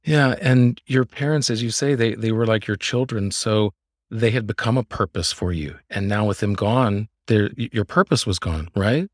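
A man interviewing a guest, gently reflecting back and summarizing what they said. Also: on the low side, normal speed, no echo, clean studio sound. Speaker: singer.

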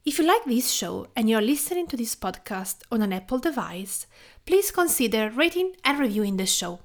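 A Tuscan woman of about 40, with an Italian accent and a slightly high voice, hosts a podcast and cooks at home. She reads scripted narration in a calm, measured way, with a personal storytelling tone.

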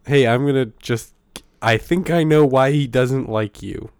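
A man's voice: medium pitch, unhurried, clear, resonant tone, dry recording. A man co-hosting a casual chat, teasing and laughing often. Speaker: podcast co-host.

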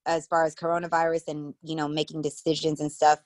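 A woman's voice: low voice, completely flat delivery, quick pace, a little mellow, dry recording. A woman in her thirties with an American accent, chatting casually as an interview guest, full of fillers. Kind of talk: casual conversation.

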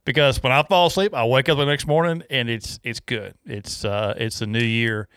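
A man chats casually as a podcast host, his talk rambling and full of laughs and restarts. His pitch sits in a plain middle range. The sound is dry and close, with no room around it. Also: fairly even intonation, normal speed, a bit bright, clear, resonant tone, no echo. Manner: rambling, laughing, self-interrupting.

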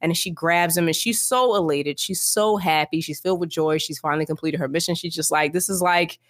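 A woman co-hosting a podcast, rambling in an animated way, with many uses of "like". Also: on the low side, brisk, dry recording, studio quality. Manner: rambling, animated, heavy use of filler "like". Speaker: podcast co-host. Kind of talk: casual chat.

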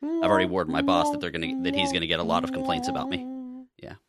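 A man's voice: deep voice, huge pitch swings, fast talker, a loud crowd. A man co-hosting a podcast in casual chat, rambling with chuckling asides. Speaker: podcast co-host.

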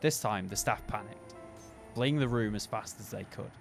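A man hosting a podcast, reading a horror story in a measured, dramatic way and then chatting casually and laughing easily. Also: on the low side, vocal fry, faint music behind. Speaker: podcast host and story reader.

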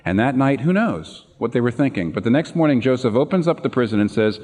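A man preaching, his voice swinging widely in pitch as he tells the story. He acts out the characters' lines. His voice rings with a long reverb, as if in a large sanctuary. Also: a little fast, hardly any pauses. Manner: animated storytelling, acting out quoted lines. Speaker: pastor. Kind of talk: sermon retelling a Bible story. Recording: reverberant hall.

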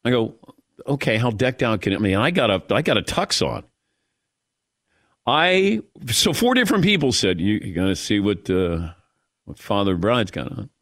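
A middle-aged man hosting sports talk radio, spinning a story with a lively, swooping pitch. He jokes at his own expense, and the sound is dry and close to the microphone. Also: moderate pace, no room sound. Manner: animated storytelling, self-mocking, emotional. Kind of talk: casual radio monologue.

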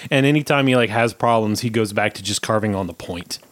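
A man narrating a tabletop game as game master in a relaxed, halting way. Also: fairly low pitch, no echo.

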